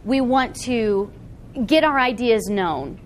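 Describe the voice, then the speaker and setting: A woman giving a live seminar talk to an audience in a meeting room, animated and often checking in with the room. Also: fairly high pitch, slow, a little hiss or hum. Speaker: workshop presenter.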